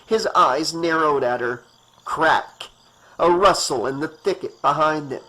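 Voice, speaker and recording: A man's voice: on the high side, unhurried, pushed and bright, rough recording. A man reading a horror novel aloud as an audiobook narrator, in a tense, dramatic way.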